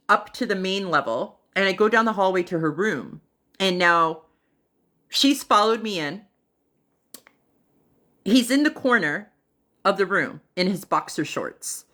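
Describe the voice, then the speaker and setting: A woman on a livestream telling a personal story casually and dramatically, pausing often, with fillers and acted-out quotes. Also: mid-range voice, lively intonation, sharp tone. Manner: dramatic retelling that acts out other people's lines; unhurried, with pauses and fillers.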